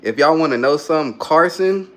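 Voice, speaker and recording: A man's voice: medium pitch, moderate pace, soft background music. A man chatting casually on a phone livestream, joking and reading his chat aloud while queasy and burping after a hot sauce shot.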